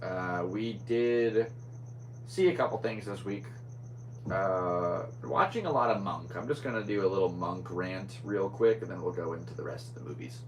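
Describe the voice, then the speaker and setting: Rambling low-voiced man. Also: moderate pace, a little hiss or hum, rough recording. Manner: rambling, scatterbrained. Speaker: podcast host. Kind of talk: casual solo podcast chat.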